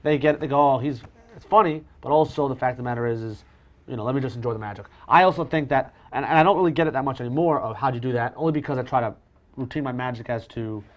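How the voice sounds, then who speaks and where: A professional magician chatting casually, self-deprecating and full of restarts. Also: male voice, mid-range voice, rapid-fire, lo-fi sound. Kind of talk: casual conversational chat.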